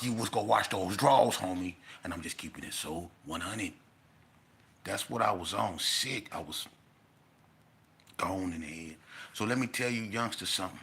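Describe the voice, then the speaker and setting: A man's voice: on the low side, gravelly, pushed and bright, breathy edge. A middle-aged man telling a blunt, slang-heavy story straight to his audience. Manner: blunt, street slang, addresses the audience directly. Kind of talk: casual storytelling to camera.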